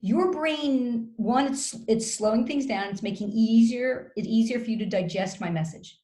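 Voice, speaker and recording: Roomy-sounding woman coaching with measured pauses. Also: on the high side, mellow. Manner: measured, explanatory, with deliberate pauses. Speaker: communication skills guest expert. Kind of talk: coaching advice in conversation. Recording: roomy echo.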